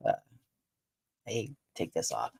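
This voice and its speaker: A woman's voice: very deep voice, wildly swooping pitch, slow pace, creaky, dark tone, husky. An older woman chatting casually on her vlog at home, rambling with lots of fillers. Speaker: vlogger. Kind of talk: casual chat.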